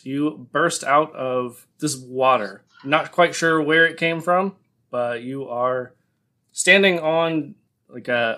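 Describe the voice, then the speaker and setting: A man narrating a tabletop game as game master, relaxed and laughing along with the players. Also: mid-range voice.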